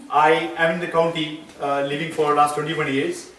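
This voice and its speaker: A middle-aged man with a non-native English accent speaks to a small gathering in someone's home, earnest and self-deprecating as he thanks his hosts. His voice sits a little high, and he pauses often on fillers. The room rings heavily, the mic is some distance away, and a faint hiss runs underneath. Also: little pitch movement. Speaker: school board candidate. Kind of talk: campaign meet-and-greet speech. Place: living room of a private home. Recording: echoey room, mic from far off.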